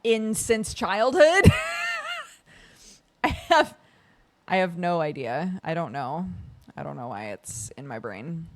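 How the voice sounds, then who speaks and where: A woman's voice: deep voice, sing-song, measured pace. A woman streamer chatting casually on a livestream, laughing often and playfully breaking into song. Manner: playful, bursts into sung lines.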